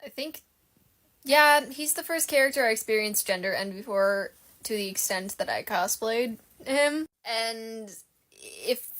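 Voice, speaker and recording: A woman's voice: medium pitch, fairly bright tone. A woman in her twenties chatting casually as a fan content creator, rambling and gushing with self-deprecating humor. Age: 20s. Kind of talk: casual chat.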